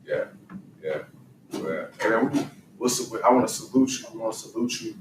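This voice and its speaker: A man's voice: lowish voice, expressive, moderate pace. A man leads a youth group in an emphatic, preaching motivational talk with call-and-response. He is picked up from across the room. The space is roomy, with a faint hiss under the voice. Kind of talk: motivational talk to young men. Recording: distant mic in echoey room with faint noise.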